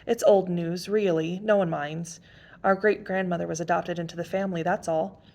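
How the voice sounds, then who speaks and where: A woman's voice: on the low side, steady tone, normal speed, darkish tone, natural voice. A woman reading aloud and voicing a proud, formal young woman who answers sharply and correctly.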